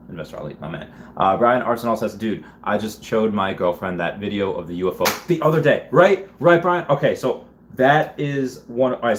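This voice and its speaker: A man with a somewhat low voice hosts a casual livestream, chatting with viewers and reading their comments aloud. He rambles and restarts often but picks up energy when he answers them. A faint noise sits behind the voice. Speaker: livestream host.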